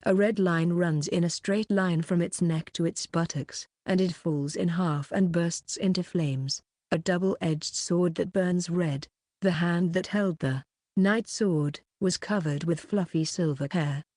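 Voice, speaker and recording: A woman reading a web novel aloud as an audiobook narrator, keeping one even voice throughout. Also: lowish voice, unhurried, dry recording, studio quality.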